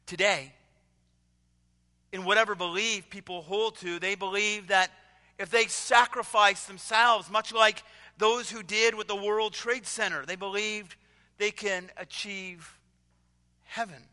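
Bright-voiced preacher in a reverberant hall. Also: male voice, high-pitched, steady tone. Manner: storytelling, with acted voices and dramatic pauses. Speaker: pastor. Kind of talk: sermon.

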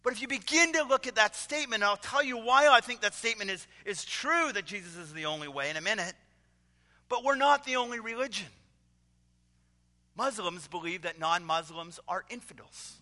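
A man preaching a sermon who tells stories with acted voices and dramatic pauses, with long reverb around him. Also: high voice, bright, forceful tone. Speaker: pastor.

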